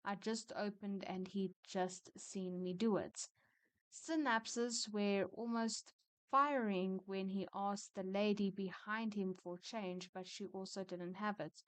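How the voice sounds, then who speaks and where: A woman's voice: medium pitch, fairly even intonation, clean tone, no room sound. A woman casually reading out customer stories and commenting on them in a chatty, opinionated way. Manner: opinionated, chatty, quick to rant. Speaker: storyteller reading retail stories.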